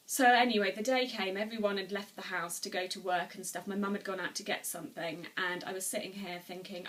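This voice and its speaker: A woman's voice: medium pitch, bright, forceful tone, recorded from a distance. A woman in her twenties telling a personal story to camera at home, earnest and rambling with many restarts. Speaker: vlogger. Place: room at home, seated.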